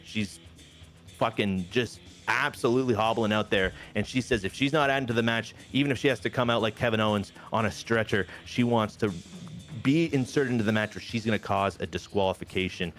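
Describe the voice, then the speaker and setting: Over quiet background music, a man with a fairly low voice gives casual, fairly quick narration of a wrestling game, telling it as a lively story. Now and then he briefly acts out the wrestlers' lines in little voices.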